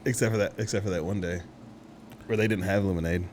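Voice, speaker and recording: A man co-hosting a podcast in casual chat, an animated storyteller who swears freely and acts out the voices of people he quotes. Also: sits low, quick pace, slight background noise. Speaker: podcast co-host.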